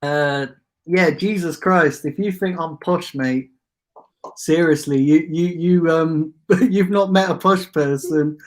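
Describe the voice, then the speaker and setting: A man's voice: fairly high pitch, slow pace. A man hosting a casual livestream, chatting with viewers and reading out their comments with easy banter. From England. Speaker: fan channel host.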